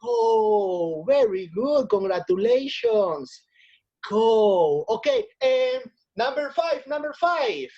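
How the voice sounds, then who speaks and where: Woman teacher, lively, higher-pitched, patient pacing, bilingual English and Spanish. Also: slow, lo-fi sound. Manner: encouraging, repeats phrases and switches into Spanish. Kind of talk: online lesson for young learners.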